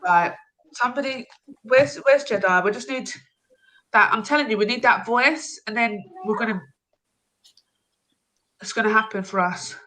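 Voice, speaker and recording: A woman's voice: fairly high pitch, moderate pace, pauses often, bright, forceful tone, a little hiss or hum, rough recording. A woman hosting a casual livestream, chatty, rambling and laughing often. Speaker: livestream host.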